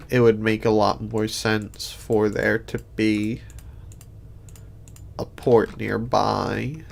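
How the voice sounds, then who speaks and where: A man's voice: on the low side, creaky, slight background noise. A sleepy man streaming a game in casual commentary, rambling and thinking aloud with many restarts. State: sleepy, yawning.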